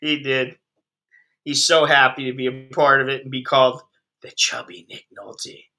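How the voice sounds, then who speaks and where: A medium-pitched American man with a steady, bright and forceful delivery rants through the news on his livestream. He moves at a moderate pace, and as an expat host he is blunt, sarcastic and constantly profane.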